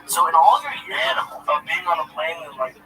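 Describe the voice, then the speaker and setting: Male host, very bright, cutting tone, short questions, off-mic with faint hiss. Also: on the high side, sing-song, normal speed. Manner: prompting with short questions, swears casually. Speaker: livestream host. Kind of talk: casual chat. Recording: distant mic with faint noise.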